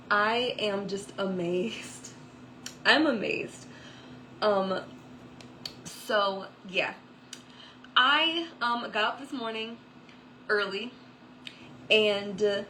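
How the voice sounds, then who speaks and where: Woman, testimony, chatty, lots of fillers and asides, mid-pitched voice. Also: bright, forceful tone, slight background noise, low-quality recording. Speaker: author giving a testimony. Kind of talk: personal testimony storytelling.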